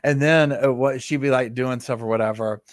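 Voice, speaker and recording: A man, hosting a casual live chat from home and telling animated stories full of fillers and asides. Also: medium pitch, brisk, dry recording, clean studio sound. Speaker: live stream host.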